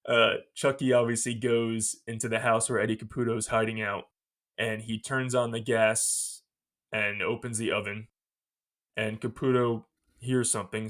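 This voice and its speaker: A man hosting a podcast, retelling a movie scene by scene in a casual, animated way and laughing often. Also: medium pitch. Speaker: podcast host.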